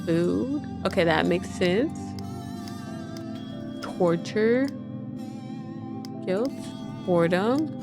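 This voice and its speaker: Over music, a woman with a medium-pitched, animated voice draws out her words and often pauses. She's a gaming YouTuber giving relaxed let's-play commentary, reading the game's text and cursing liberally.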